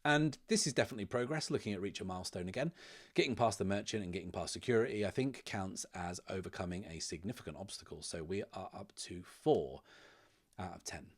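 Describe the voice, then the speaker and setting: Man, low voice, narrates a solo tabletop game, casual and thinking aloud. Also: fast talker. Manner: thinks aloud, loose, with many "like" and "right?".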